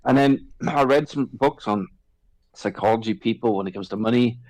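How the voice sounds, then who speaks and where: A man's voice: mid-range voice, moderate pace, a little mellow, dry recording, low-quality recording. A man talking reflectively in casual chat, comparing trading to boxing.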